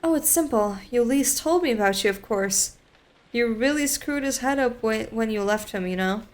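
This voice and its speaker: A woman's voice: a little high, expressive, normal speed, close to an everyday voice. A woman reading as a breezy, blunt stallholder. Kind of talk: reading a visual novel aloud.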